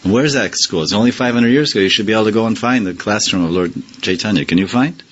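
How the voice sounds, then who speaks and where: A man who is a spiritual teacher leads a scripture class in a loose, conversational way, firing rhetorical questions at his listeners and chuckling now and then. His voice is lowish and quick, and the audio sounds dull.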